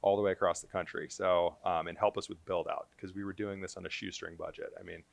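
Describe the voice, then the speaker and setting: A man's voice: sits low, flat delivery, quick pace, gravelly, no echo. A man who is a podcast guest, telling a story casually with hesitant fillers. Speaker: guest, business owner.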